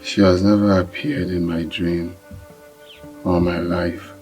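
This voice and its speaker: A man's voice: low voice, little pitch movement, slow pace, soft background music. A Nigerian-accented man playing a crippled husband tormented by a spirit, pleading and breaking into anguished cries. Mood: troubled. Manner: pleading, rising into anguished shouts. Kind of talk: Nollywood film acting.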